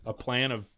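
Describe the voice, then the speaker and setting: A man hosting a casual live-stream Q&A from home, talking fast and jumping between thoughts as he reads viewer comments aloud and reacts to them. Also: medium pitch, pushed and bright, slightly rough. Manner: rapid, rambling, jumps between thoughts. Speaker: host of outdoor gear channel.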